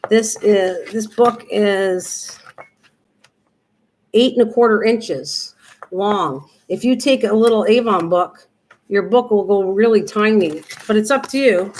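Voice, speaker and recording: A woman's voice: medium pitch, a little mellow, low-quality recording. An older woman hosting a live crafting stream, chatting casually, rambling and answering viewers as she works. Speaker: crafting livestream host.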